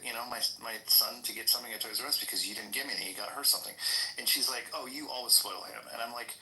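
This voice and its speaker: Fast-talking profane man telling stories. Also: mid-range voice, sharp tone, rough recording. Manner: blunt, profane storytelling, mimics his mother's lines. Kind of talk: casual podcast chat.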